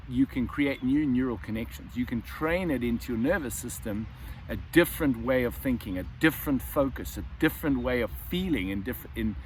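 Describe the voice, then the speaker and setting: There's a slight hiss or hum behind this South African man's mid-range voice as he hosts a self-help video. He reflects aloud to camera without a script, often starting over and repeating words.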